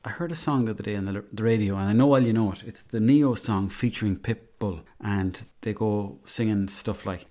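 An Irish man with a lowish voice tells comic stories on his podcast. He wanders from one tangent to the next and swears freely as he goes. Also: brisk, hardly any pauses, warm tone. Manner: rambling, profane storytelling. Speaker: podcast host. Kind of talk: comic monologue.

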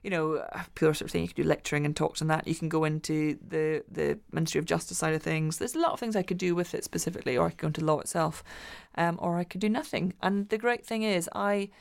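Fast-talking woman with gravelly fry. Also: low-pitched. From Glasgow, Scotland. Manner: chatty, enthusiastic, restarts sentences. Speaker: interview guest, athlete. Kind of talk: casual interview talk.

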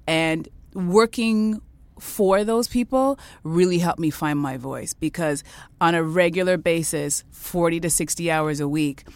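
A woman co-hosting a podcast, telling a story in casual chat, animated and blunt with the odd swear word. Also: fairly low pitch, unhurried, no room sound. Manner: animated storyteller, swings into loud quoted outbursts, swears. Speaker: podcast co-host.

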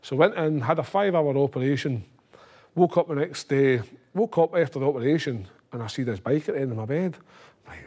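A man's voice: mid-range voice, fast talker, breathy edge. A man with a Scottish accent, a former footballer telling a long story as a guest in casual talk, acting out the voices of the people he quotes. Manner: animated, acts out quoted voices.

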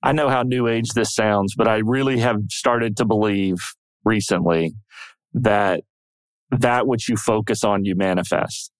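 Measured, thoughtful man on a podcast. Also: lowish voice, dry recording. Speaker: podcast co-host. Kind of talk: casual chat.

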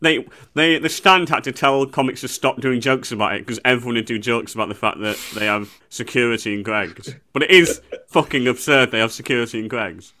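A man co-hosting a comedy podcast, sardonic and sweary, quick to mock things in casual chat. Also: mid-range voice, sharp tone. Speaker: podcast co-host.

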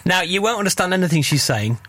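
A man's voice: high voice, lively intonation, quick pace, bright, forceful tone, husky. A man in his thirties co-hosting a casual podcast, chatty and joking, often stumbling and restarting his sentences. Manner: chatty, stammering restarts, jokey. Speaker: podcast co-host and radio presenter.

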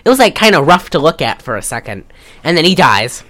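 Woman host with a very low voice; loose, profane, filler-heavy recap chat. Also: very animated, a little fast, a bit bright. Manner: rambling, profane, lots of fillers. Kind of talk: casual movie recap chat.

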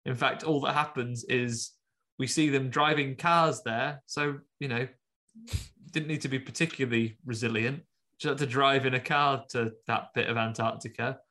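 A man co-hosting a casual film chat, sardonic and quick to mock the plot. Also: medium pitch, steady tone, bright, forceful tone. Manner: sardonic, acts out scenes in mocking voices. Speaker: podcast co-host.

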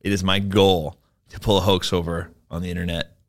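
A man's voice: deep voice, flat delivery, a little fast. A man who is a magician, guesting on a podcast, laughing easily and restarting his sentences as he talks. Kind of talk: casual podcast chat.

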